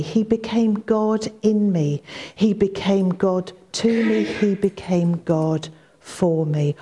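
Slow, earnest woman giving a sermon. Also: medium pitch, warm tone. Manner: earnest, reflective, repeats key lines for emphasis. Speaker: preacher.

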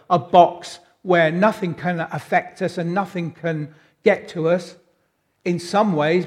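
Man, preacher, sermon, fairly high-pitched, slow, reflective, wry. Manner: unhurried, reflective, with wry self-deprecating asides.

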